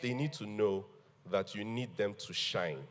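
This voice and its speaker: A man telling an animated story on a panel, laughing and acting out what people said. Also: on the low side, measured pace, big-room sound. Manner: animated, laughing storyteller who acts out quotes. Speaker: guest.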